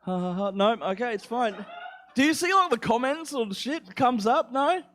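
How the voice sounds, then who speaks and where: Here a young comedian from England performs a rambling, foul-mouthed, self-deprecating routine. His voice is very high and a bit bright, expressive and at normal speed, with a mixed English-Australian accent.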